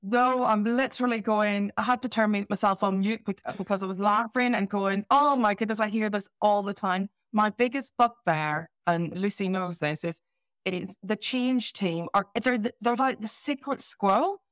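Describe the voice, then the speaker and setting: A woman hosting a podcast, asking questions and chatting in an animated, jokey way. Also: mid-range voice, normal speed, dry recording, clean studio sound. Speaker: podcast host. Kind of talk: casual conversational interview.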